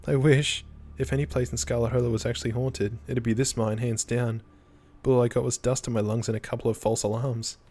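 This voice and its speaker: A man's voice: mid-range voice, level tone, fairly quick, darkish tone, lightly acted. A man voicing a wry, laid-back young woman who hunts ghosts and jokes about the dead. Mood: teasing. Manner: teasing, joking.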